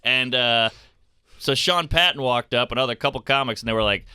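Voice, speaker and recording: Comedian guest, male, piercingly bright voice, animated storyteller, dry studio mic. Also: medium pitch, a little fast, clean tone, no echo. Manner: animated, acts out people in his stories. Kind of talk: casual storytelling on a talk radio show. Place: radio studio. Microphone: close studio mic.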